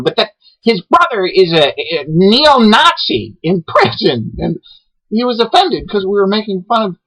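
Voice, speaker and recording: A man hosting his own web show, delivering a rambling deadpan comic monologue full of restarts and hesitations. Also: fairly high pitch, rough recording.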